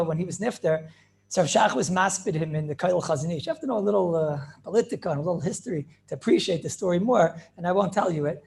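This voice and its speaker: A rabbi tells inspirational stories in a man's voice that sits high, creaky and darkish in tone. He keeps repeating phrases and restarting as he retells them, sprinkling in Yiddish and Hebrew words.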